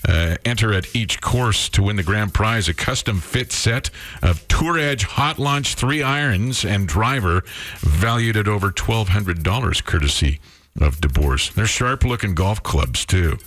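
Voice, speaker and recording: A man with a lowish voice hosts a radio show. He chats easily with his co-host and reads out contest details in a relaxed, conversational way. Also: a little slow. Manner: relaxed, chatty, reads promos. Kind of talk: morning radio banter.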